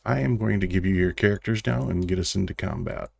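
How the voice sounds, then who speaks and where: A man with a notably low voice runs a tabletop game, describing the scene in a relaxed, wry way. The sound is dry and close, with no room around it. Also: quick pace, creaky, slightly rough, no room sound. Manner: relaxed, wry narration with small restarts. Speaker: game master.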